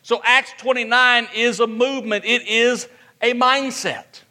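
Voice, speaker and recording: A man's voice: very high voice, fairly even intonation, a little slow, sharp tone, big-room sound. A man preaching a sermon as pastor, asking rhetorical questions and repeating points for emphasis.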